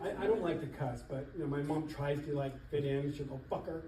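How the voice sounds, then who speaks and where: A middle-aged man, a real estate coach, giving an animated motivational seminar talk to an audience in a church hall. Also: fairly high pitch, fairly quick, noisy background. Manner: emphatic, animated, laughs between points. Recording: echoey hall, voice from far off.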